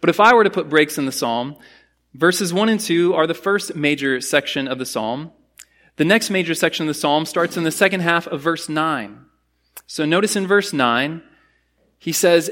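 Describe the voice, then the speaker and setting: A man preaching a sermon in an earnest, emphatic way, slowing down to stress key phrases and explaining Bible words in a teaching tone. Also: fairly high pitch, fairly bright tone. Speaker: pastor.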